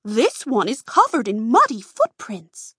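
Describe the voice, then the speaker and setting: A woman's voice: a little high, huge pitch swings, a little slow, sharp tone, breathy edge, dry recording, studio quality, heavily acted. A woman voicing an upset, tearful woman dress designer in a storybook. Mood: distressed. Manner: distressed, tearful.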